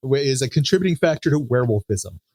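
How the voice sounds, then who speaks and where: A man's voice: mid-range voice, lively intonation, fast talker, mellow. A man co-hosting a podcast, playfully running a trivia game and reading out numbered options. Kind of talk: casual podcast chat.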